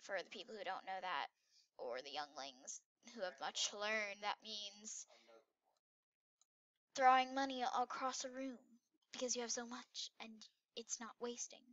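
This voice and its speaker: A woman giving casual, excitable commentary while playing a game, jumping between squeals and hushed whispers. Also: mid-range voice, unhurried, dry recording, lo-fi sound. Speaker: gameplay YouTuber.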